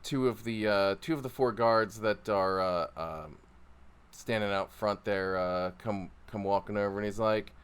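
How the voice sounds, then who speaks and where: Hesitant, low-voiced male game master. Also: fairly even intonation, measured pace, a bit bright, clear, resonant tone. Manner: hesitant, many fillers and restarts. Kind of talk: narrating a tabletop game.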